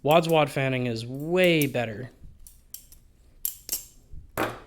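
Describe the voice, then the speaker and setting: A man's voice: medium pitch, slow. A man talking through a product review in a casual vlog, rambling and offhand, with frequent swearing. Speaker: balisong reviewer.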